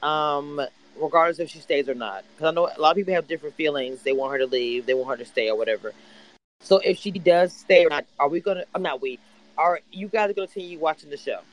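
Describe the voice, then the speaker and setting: A woman's voice: sits low, fast talker, rough recording. A woman hosting a casual audio chat room, speaking emphatically with hesitant "um" fillers.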